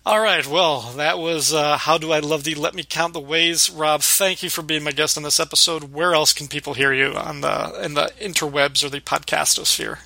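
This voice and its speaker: A man's voice: on the high side, steady tone, normal speed, creaky, few pauses, pushed and bright, dry recording. A man hosting a podcast in casual chat, laughing as he retells scenes. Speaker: podcast host.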